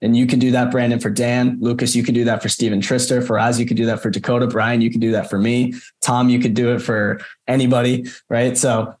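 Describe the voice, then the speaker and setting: A man's voice: medium pitch, flat delivery, fairly quick, hardly any pauses, darkish tone. A young man coaching a group on a call, casual and chatty, with many fillers and repeated words. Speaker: marketing coach presenting. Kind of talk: casual screen-share walkthrough on a call.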